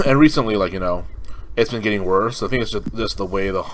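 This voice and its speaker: A man's voice: lowish voice, expressive, a little fast, fairly bright tone, a little hiss or hum, poor audio. A young man from California giving casual let's-play commentary, rambling with lots of fillers and restarts. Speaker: gaming commentator.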